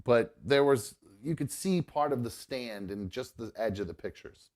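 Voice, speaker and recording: A man's voice: medium pitch, moderate pace, darkish tone. Earnest rambling middle-aged man. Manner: rambling anecdotal storyteller, earnest. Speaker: podcast host. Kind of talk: casual chat. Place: studio.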